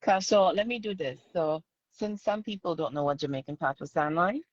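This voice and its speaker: A woman's voice: lowish voice, normal speed, no room sound, dull audio. A woman from Saint Lucia co-hosting a podcast, chatting in a playful, teasing way. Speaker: podcast co-host. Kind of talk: casual conversation.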